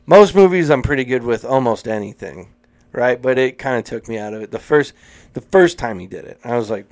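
A man co-hosting a podcast in casual chat, animated and swearing, slipping into mocking voices. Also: medium pitch, fairly quick. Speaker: podcast co-host.

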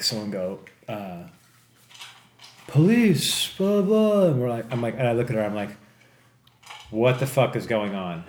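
A man telling a story from his life in casual podcast chat, rambling and swearing, with excited bursts at the tense parts. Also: mid-range voice. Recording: echoey room with faint background noise.

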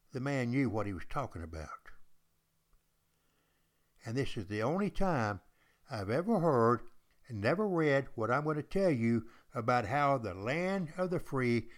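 An older man hosting a podcast, a former history teacher telling history in a folksy, emphatic way. He repeats himself and speaks straight to his listeners. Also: mid-range voice. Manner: emphatic, repetitive, addresses listeners directly.

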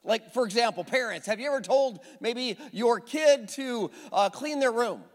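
A man's voice: very high-pitched, lively intonation, normal speed, big-room sound. A middle-aged male pastor preaching a sermon to his congregation, telling stories with self-deprecating humor. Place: church sanctuary with a congregation.

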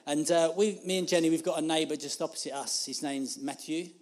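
A man preaches in a loose, conversational way. His voice sits a little high for a man, and he keeps laughing through self-deprecating asides. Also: steady tone, a little fast, a little mellow. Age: 50s. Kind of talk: informal sermon.

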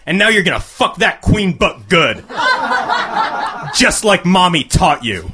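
A man voicing a crude, pushy mother who yells encouragement to her son. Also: high-pitched, big pitch swings, a little slow, very noisy, voice pushed up. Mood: cheering. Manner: yelling, crude.

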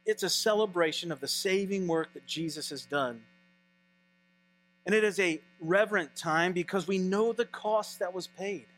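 Male pastor, sermon, high voice, bright tone, animated and conversational. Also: normal speed, soft background music.

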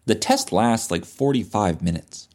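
A man hosts his podcast and retells a movie in a loose, swearing storytelling style. His voice is low and deep, with a mellow, relaxed tone. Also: a little slow. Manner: profane, animated retelling with restarts. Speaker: podcast host. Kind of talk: casual storytelling chat.

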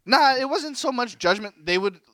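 A young man co-hosts a casual podcast chat in a laid-back, swearing manner. His voice sits fairly high. He is recorded close and dry, with no room sound. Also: expressive, moderate pace, sharp tone, dry recording. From Mexican-American family. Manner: laid-back, swears a lot, says "bro". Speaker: podcast co-host.

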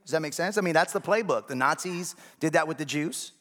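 A man's voice: on the high side, a little fast, a bit bright. A male pastor delivers a sermon in a church. His tone is conversational, and he keeps asking the congregation whether they follow him.

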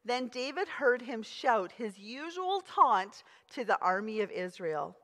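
A woman's voice: on the high side, very animated, unhurried, fairly bright tone, big-room sound. A woman preaching a sermon, emphatic and conversational as she tells the story. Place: church auditorium.

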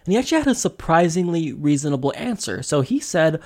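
A man hosting a podcast, giving casual political commentary in an animated, sarcastic way, with quick asides. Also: on the high side. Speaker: podcast host.

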